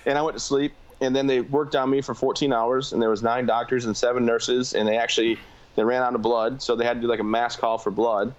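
A man's voice: mid-range voice, flat delivery, muffled recording. A man, a combat veteran guest, telling his story candidly in a plain-spoken way. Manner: fast, plain-spoken, filler-heavy.

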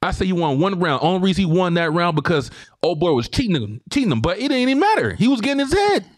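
Heated, high-voiced man in his forties. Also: very animated, fast, no room sound, clean studio sound. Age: 40s. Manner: heated, loud, emphatic. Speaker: podcast co-host. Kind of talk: casual sports debate.

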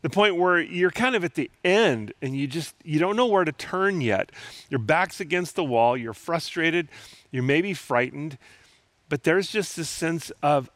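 A man's voice: on the high side, animated, measured pace, a bit bright, no room sound. A man preaching a sermon in an earnest, conversational way, asking his listeners rhetorical questions. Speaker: pastor.

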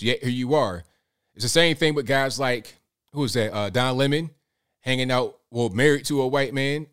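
A man's voice: mid-range voice, a bit bright. A man hosting a casual political commentary stream, rambling and digressing as he talks straight to his viewers. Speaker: livestream host.

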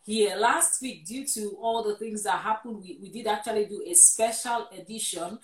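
A woman hosts a live-streamed talk show about relationships and sums up the episode. Her voice sits at a middle pitch. It carries the echo of a roomy space. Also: moderate pace. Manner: affirming, sums up and wraps up the episode. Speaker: host of a church-run show on relationships.

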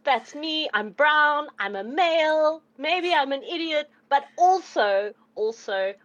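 A woman voicing a sweet, chatty male kitten in a high, sing-song, cutesy way, in a tabletop game. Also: animated, slow pace, a bit bright, no echo, dull audio, full character voice.

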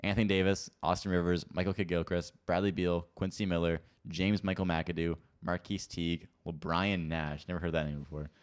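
Young male co-host, very deep and smooth, brisk jokey delivery. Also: little pitch movement. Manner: brisk, reads out lists, jokey. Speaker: podcast co-host. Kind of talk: casual sports chat.

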